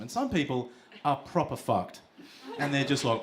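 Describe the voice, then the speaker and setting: A man with an Australian accent doing a stand-up comedy set on a club stage. He swears freely and acts out characters in quick put-on voices. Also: medium pitch, sing-song. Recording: loud noisy live room with audience laughter.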